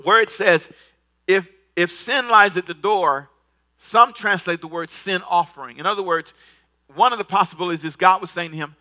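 Animated high-pitched male preacher. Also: normal speed. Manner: animated, swings from soft asides to loud emphatic bursts; repeats words, acts out scripture dialogue. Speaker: pastor. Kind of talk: sermon.

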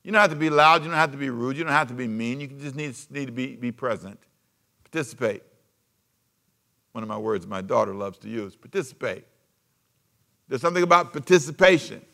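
Male pastor, sermon delivery, bright forceful tone, dynamic swings loud to hushed. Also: mid-range voice, a little fast, gravelly, long pauses. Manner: preaching with sudden swings from loud emphasis to hushed asides.

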